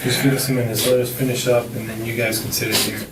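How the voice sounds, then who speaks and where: A male police detective, calm and placating, speaking in an interrogation room. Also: medium pitch, fast talker. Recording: echoey room, mic far off, loud noise.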